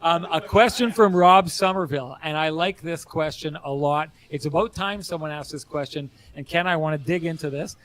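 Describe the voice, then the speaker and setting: A talkative man co-hosting a post-game sports show from a bar. His voice sits a little high for a man, and he argues his points with energy. He laughs easily and teases his co-host. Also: normal speed, hardly any pauses. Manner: animated, opinionated, laughs often. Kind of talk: casual sports talk.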